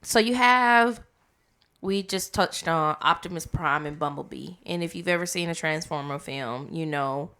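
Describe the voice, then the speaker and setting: A woman's voice: deep voice, normal speed, bright, forceful tone, clear, resonant tone. A woman co-hosting a podcast, casually discussing a movie, chiming in and pushing back on points. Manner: chatty, interjecting and correcting. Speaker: podcast co-host. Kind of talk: casual movie review chat.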